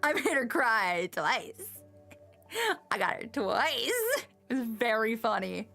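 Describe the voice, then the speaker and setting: Woman streaming a game, high giggly voice, swears a lot, faint music behind. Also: slow pace, gravelly. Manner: giggly and excitable, swears freely. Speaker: streamer playing a visual novel. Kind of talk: casual chat while streaming.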